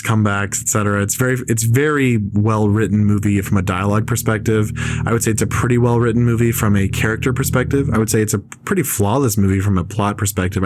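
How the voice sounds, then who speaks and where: Fast-rambling man ranting on a podcast. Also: lowish voice, darkish tone. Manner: rambling, rapid film rant with many fillers. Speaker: podcast co-host. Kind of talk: casual chat.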